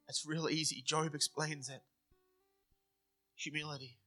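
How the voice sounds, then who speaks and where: A man preaching with a bright, forceful voice that sits a little above the usual. He talks earnestly and conversationally, acting out inner voices now and then, while a guitar plays softly behind him. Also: on the high side, fairly even intonation, moderate pace. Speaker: pastor. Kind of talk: sermon.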